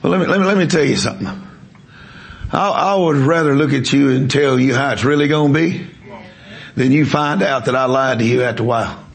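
Gravelly preacher man. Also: mid-range voice, a little fast. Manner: emphatic, repeats words as he builds a story. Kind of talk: sermon storytelling.

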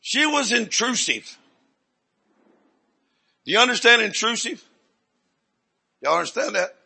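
Older man, preacher, rambling folksy sermon, bright raspy voice, slow with gravel. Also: extremely high pitch, big pitch swings. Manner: rambling, folksy, with repeated restarts and sudden shouts. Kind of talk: storytelling sermon.

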